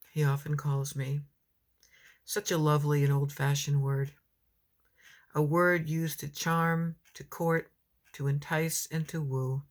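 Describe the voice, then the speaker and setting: Chatty woman reading her own poems. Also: low-pitched. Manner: chatty and rambling between poems, reads slowly and tenderly. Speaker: poet. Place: home, at her desk.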